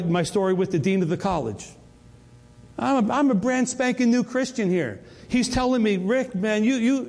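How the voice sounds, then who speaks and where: A man's voice: sits high, darkish tone. An older man preaching a sermon, telling his own story and often stammering and repeating words. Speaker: pastor. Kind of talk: sermon with personal testimony. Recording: long reverb of a church hall.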